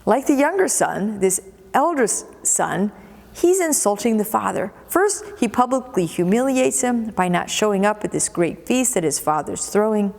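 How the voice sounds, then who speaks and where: A woman pastor delivers a sermon with expressive, storytelling emphasis, often doubling words as she builds a point. Her voice sits at an ordinary middle pitch for a woman. It carries a long reverb from a church sanctuary. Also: normal speed, gravelly.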